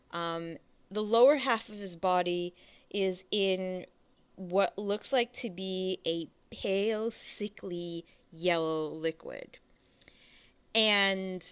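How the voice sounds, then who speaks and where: A woman narrating a tabletop game as game master, slow and hesitant with many fillers. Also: mid-range voice, clean tone, dry recording.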